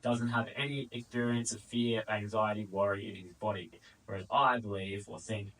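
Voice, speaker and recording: A man's voice: lowish voice, fairly even intonation, normal speed, a bit bright, recorded from a distance, rough recording. A man explaining to camera how changing beliefs can ease anxiety, in a conversational way that often checks in with "right?" and "okay?". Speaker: anxiety coach.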